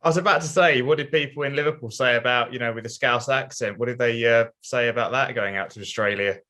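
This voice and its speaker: A man's voice: mid-range voice, fast talker, pushed and bright. A man interviewing a guest, asking long, hedged questions with fillers.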